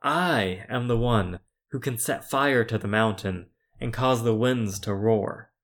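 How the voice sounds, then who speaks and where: A man's voice: mid-range voice, slow pace, a bit bright. A man voicing God as an exasperated, all-powerful male deity in a sermon, pressing emphatic rhetorical questions.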